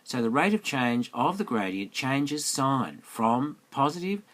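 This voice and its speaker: A man's voice: mid-range voice, lively intonation, a little slow, fairly bright tone. A man teaching maths in a screencast lesson, chatty and coaxing, throwing many questions at the viewer. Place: indoors, voice-over on a tablet screencast.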